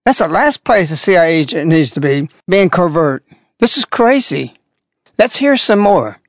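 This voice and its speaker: A man's voice: fairly high pitch, very animated, moderate pace, no echo, clean studio sound. An older man, a religious broadcaster, commenting sarcastically and mockingly on clips he plays.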